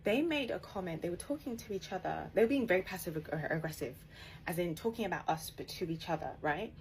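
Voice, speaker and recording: A young woman tells a story time with a low voice and lively ups and downs. She goes quieter when she quotes other people. A faint hiss of background noise sits under her voice. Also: fairly quick, rough recording. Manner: animated, laughing bursts, quoting others in a hushed voice.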